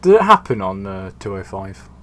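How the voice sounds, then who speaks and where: Deadpan man with dry humor. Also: sits low, normal speed, a little hiss or hum. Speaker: host. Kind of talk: casual gaming commentary.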